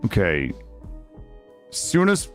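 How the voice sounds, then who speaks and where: A young man commenting live on his video game speaks extremely slowly, his fairly low, fairly bright voice swooping wildly in pitch as he swings between muttering and panic. Soft background music plays, and he uses a studio microphone.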